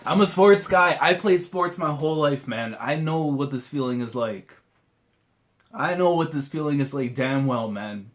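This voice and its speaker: Reacting live to a manga chapter, a young man with a middling male pitch swings between hushed, choked-up moments and loud, pleading outbursts. He speaks a little slowly and casually, tripping over words and constantly adding "man" and "bro" in his emotional commentary.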